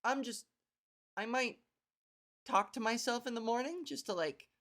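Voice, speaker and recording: A woman's voice: fairly high pitch, a bit bright. A young woman from Canada hosting a podcast, telling a comic story in a casual, self-deprecating way with frequent laughter and a buzzy edge to her voice. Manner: self-deprecating, laughs often, acts out quick exchanges. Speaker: podcast host. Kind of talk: casual comedic monologue.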